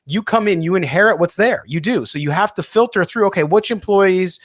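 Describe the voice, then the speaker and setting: A man's voice: high-pitched, lively intonation, fairly quick, no room sound, studio quality. A man co-hosting a sports radio show who reads listener comments aloud and answers them in casual chat.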